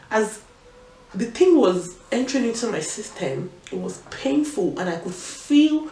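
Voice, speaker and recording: A young Nigerian woman telling a personal story in a vlog, in an animated and emphatic way. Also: medium pitch. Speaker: vlogger. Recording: roomy echo, distant mic, faint room noise.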